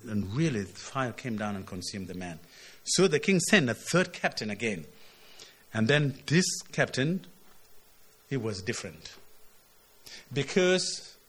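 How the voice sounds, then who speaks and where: A man's voice: fairly low pitch, slightly rough. A man preaching a sermon, walking through a scripture passage, often asking his listeners "isn't it?" and lifting his voice when he quotes the text. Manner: expository, asks "isn't it?", surges loud on quotes.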